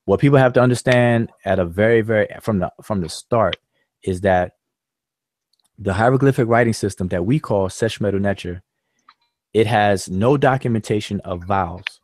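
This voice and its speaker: A man's voice: on the low side, normal speed, a little mellow, no room sound. A man hosting a live-stream discussion, patiently explaining points at length with loose fillers and restarts. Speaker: host.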